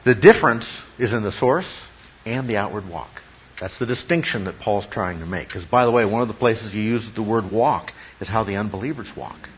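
A man's voice: on the low side, animated, fairly quick, breathy edge. A man preaching an expository sermon as a pastor, teacherly, often checking in with rhetorical questions. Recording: dull lo-fi sound.

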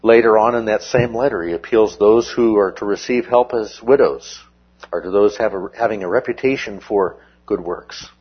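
A man teaching a verse-by-verse Bible study lesson in a measured, explanatory way, often checking in with his listeners. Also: lowish voice, slightly rough, muffled recording.

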